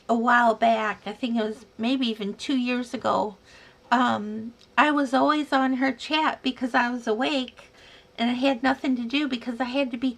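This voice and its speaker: A woman's voice: on the high side, fairly bright tone. A woman hosting a casual yarn livestream, chatting with viewers, reading their comments aloud and calling them dear and sweetheart. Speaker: yarn crafting livestream host.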